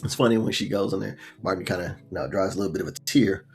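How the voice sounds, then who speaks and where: A man's voice: low-pitched, steady tone, quick pace, vocal fry, faint music behind. A man retelling a sitcom episode in a laid-back, rambling way, full of fillers and little acted quotes. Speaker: show reviewer. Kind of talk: casual episode recap.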